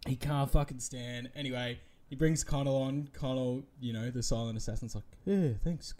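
A man's voice: mid-range voice, steady tone, brisk, a little mellow. A young man, a podcast co-host and comedy MC, telling a story in casual chat, laughing often and swearing freely.

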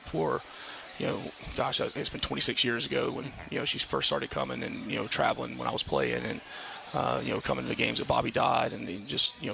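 A man's voice: mid-range voice, creaky, background noise. A man, a head football coach talking casually on a live radio show with many fillers and restarts. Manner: halting, many fillers and restarts, animated when telling stories. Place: outdoor brewery patio at a live radio show.

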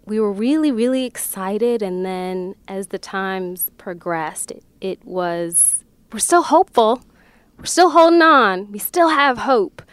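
Woman sharing loss, measured and reflective, slow smooth low voice, dry close sound. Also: no room sound. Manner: slow, measured, emotional recollection.

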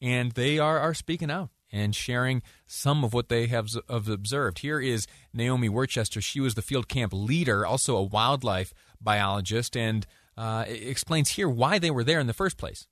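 A man's voice: medium pitch, moderate pace, few pauses, a bit bright, no room sound, studio quality. A man hosting a radio news show, telling a story in a rambling, self-deprecating way with many fillers and asides. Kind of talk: talk radio monologue.

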